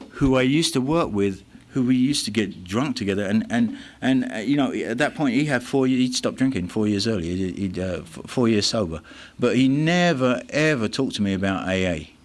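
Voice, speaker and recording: Halting English man telling his recovery story. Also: medium pitch. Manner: halting, many restarts and fillers. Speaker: recovery meeting speaker.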